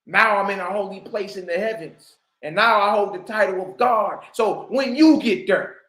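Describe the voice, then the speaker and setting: A man with a notably high voice holds forth in slang, hammering home points with rhetorical questions. His casual commentary slides into a preacher's delivery. The sound is roomy and echoing. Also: moderate pace, a bit bright. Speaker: online commentator and religious teacher.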